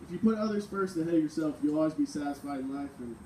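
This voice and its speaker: A young man in his twenties giving a eulogy for his best friend, hesitant and full of pauses. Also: on the high side, darkish tone. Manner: hesitant, with many "uh"s. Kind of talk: memorial speech. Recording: echoey, distant mic, faint noise.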